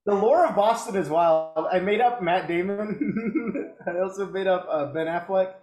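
Young male podcast co-host, high voice, playful banter, echoey call audio. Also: unhurried, darkish tone. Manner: joking, laughs often. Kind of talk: casual chat. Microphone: video call. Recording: echoey room.

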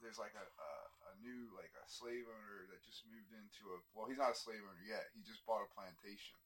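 A man's voice: lowish voice, steady tone, a bit bright. Rambling man spinning a comedy bit. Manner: rambling storyteller, halting with many fillers and chuckles. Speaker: comedy podcast co-host. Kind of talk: casual comedic chat.

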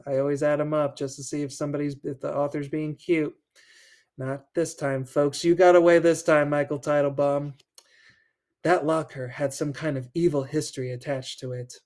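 A man's voice: on the high side, level tone, moderate pace, darkish tone. A man hosting a podcast, reading a children's horror book aloud and breaking off for joking asides, laughing between passages. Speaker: podcast host.

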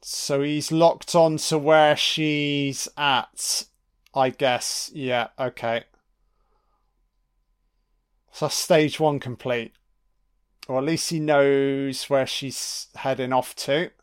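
A man's voice: medium pitch, fairly even intonation, takes it slowly, long pauses, smooth. A man giving casual, sweary commentary on a film, talking back to the characters on screen. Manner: sweary, mocking asides to the screen.

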